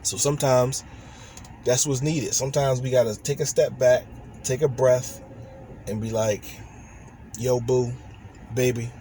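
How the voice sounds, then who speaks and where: A man talks earnestly into the camera from a parked car, rambling along with restarts as he gives relationship advice. His voice sits at a middle pitch, and faint car and road noise hums behind him. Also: steady tone, moderate pace, pauses often, mellow. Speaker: vlogger giving relationship advice. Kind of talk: casual direct-to-camera talk.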